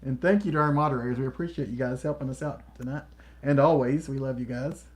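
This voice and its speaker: A man's voice: mid-range voice, fast. Upbeat man greeting stream viewers. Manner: upbeat, reads out and answers viewer comments; enthusiastic, friendly greetings to viewers. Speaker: live stream co-host. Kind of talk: casual live stream chat.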